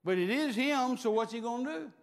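High-voiced folksy preacher in a hall. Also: male voice, a little fast. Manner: animated, folksy storytelling. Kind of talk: storytelling sermon.

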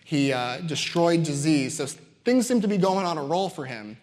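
A man's voice: a little high, lively intonation, moderate pace, a little mellow. A man preaching a sermon, emphatic and building his points through repetition, with casual asides to the congregation. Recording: long hall reverb.

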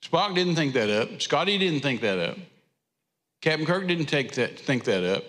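A man's voice: on the high side, big pitch swings, moderate pace, a bit bright. A man preaching a sermon, telling a Bible story in a folksy way. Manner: folksy storytelling with drawled asides. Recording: echoey hall reverb.

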